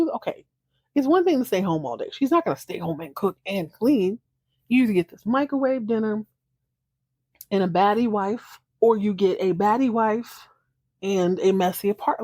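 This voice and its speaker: A woman podcast host recapping a TV drama episode in a sassy, animated way, laughing often as she comments. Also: fairly high pitch, no echo.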